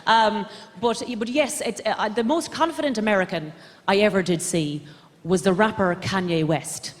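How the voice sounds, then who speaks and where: A young Irish woman performing stand-up comedy on a theatre stage, rambling in a deadpan, self-deprecating way. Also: medium pitch, moderate pace. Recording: reverberant live theatre recording. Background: audience laughter.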